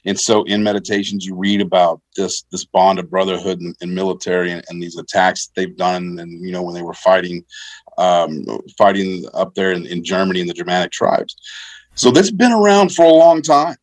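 A man, an army veteran, telling his service stories in a relaxed, rambling way, with fillers and self-corrections. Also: low voice, a little fast, no echo, low-quality recording. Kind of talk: casual conversational storytelling.

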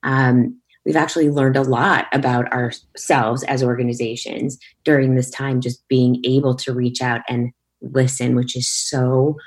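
A woman's voice: a bass voice, level tone, unhurried, hardly any pauses, breathy edge. A middle-aged woman, a management consultant, talking casually as a podcast guest and often saying "you know" and "right". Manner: conversational, peppers talk with "you know" and "right". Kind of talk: casual interview chat.

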